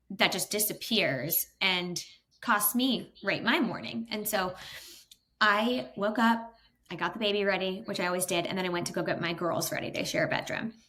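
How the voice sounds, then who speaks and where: Woman telling an exasperated story. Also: medium pitch. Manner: animated, exasperated retelling with quick asides. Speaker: podcast guest, content creator. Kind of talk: casual conversational storytelling.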